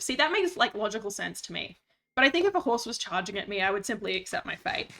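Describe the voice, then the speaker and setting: A woman's voice: mid-range voice, bright, forceful tone. A woman streaming a game, chatting playfully and reading out chat. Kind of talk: casual gaming stream chat.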